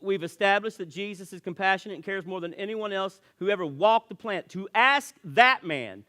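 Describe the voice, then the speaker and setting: High-pitched and fairly fast, this man preaches a church sermon that alternates between booming emphasis and soft, hushed passages, occasionally repeating words at the start of a thought.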